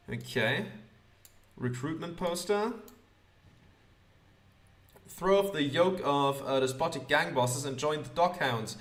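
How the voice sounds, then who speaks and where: A man's voice: mid-range voice, a little slow, long pauses. A man hosting a let's play, chatting casually and reading game text aloud with frequent hesitations. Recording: roomy echo.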